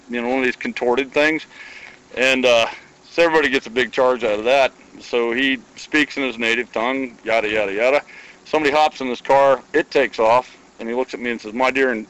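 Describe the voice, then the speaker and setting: A guest storyteller from Iowa spins a long, folksy anecdote in casual conversation, animatedly acting out the quoted dialogue. His voice is mid-range, and the audio quality is poor.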